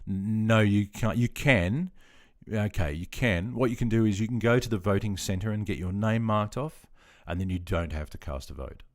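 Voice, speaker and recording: A man in his fifties with an Australian accent, hosting a livestream and chatting casually with viewers. He is relaxed and self-deprecating, and he keeps calling people mate. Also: on the low side, moderate pace. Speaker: livestream host. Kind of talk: casual livestream chat answering viewer comments.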